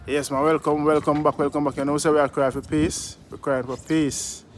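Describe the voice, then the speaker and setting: A man's voice: a little high, flat delivery, fairly quick, a little hiss or hum. A man with a Jamaican accent, hosting a casual vlog outdoors, laid-back and preachy, greeting passersby and tagging his sentences. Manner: laid-back, preachy, repeats "you see me" tags. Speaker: vlogger host.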